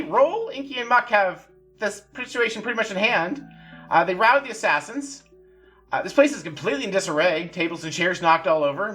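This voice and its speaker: A man narrating as game master of a tabletop role-playing game, animated and descriptive, with soft music underneath. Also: high voice.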